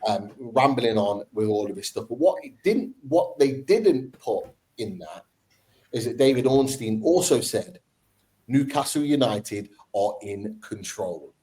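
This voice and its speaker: A man's voice: mid-range voice, sing-song, unhurried, dark tone, rough recording. A man hosting a football fan podcast, debating with passion and repeating his points for emphasis.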